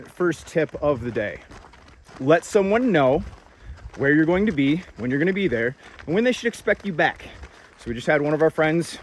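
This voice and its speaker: A young man with a fairly high voice rants while hiking, a little breathless and full of ums and uhs. He is outdoors on a trail, talking into a handheld camera, with faint ambient noise around him. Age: young adult. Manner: opinionated, rambling, lots of fillers. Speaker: vlogger hiking. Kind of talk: casual ranting monologue.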